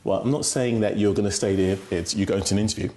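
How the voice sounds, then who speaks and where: A man's voice: fairly low pitch, racing, warm tone, slight background noise. A man explaining communication skills as a guest on a talk show, emphatic and instructive, often checking in with "right?". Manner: instructive, emphatic, frequent "right?" tag questions.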